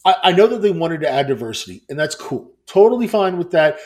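A man's voice: fairly high pitch, very animated, fast, a little mellow. Casual male podcast co-host in his thirties who rambles, restarts and swears.

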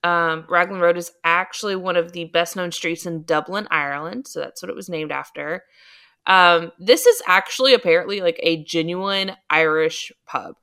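A woman co-hosting a casual podcast, talking things through patiently and often pausing on filler sounds. Her voice sits a little low yet sounds bright and crisp, with a smooth, clean tone. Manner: patient, explanatory, frequent um fillers. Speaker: podcast co-host. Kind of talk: casual chat.

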